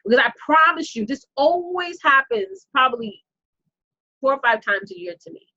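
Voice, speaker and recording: A woman coach speaks in a fairly high voice, impassioned and preachy, repeating her lines for emphasis as she talks straight to her audience. The sound is dry and close, with no room around it. The recording itself is dull and lo-fi. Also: bright, forceful tone, no echo. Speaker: business coach. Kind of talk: motivational live-stream talk.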